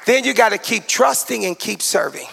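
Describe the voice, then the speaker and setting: Older pastor with a gravelly voice. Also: male voice, high voice, lively intonation, normal speed, big-room sound, a faint crowd, a little hiss or hum. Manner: emotional storytelling, swelling to shouts. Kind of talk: sermon.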